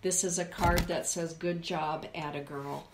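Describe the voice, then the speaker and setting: A woman hosts a live spiritual stream, speaking in a somewhat low voice. She reflects aloud and addresses her viewers by name. The sound carries a roomy echo from the indoor space. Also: steady tone, unhurried, background noise. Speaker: host reading oracle cards for live chat viewers. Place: indoor room with a forest view.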